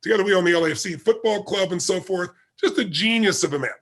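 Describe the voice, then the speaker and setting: Gravelly, husky man telling a story. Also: high voice, fast talker, fairly bright tone. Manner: vivid storyteller, acts out quoted dialogue. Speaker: interview guest. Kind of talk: animated anecdotal storytelling.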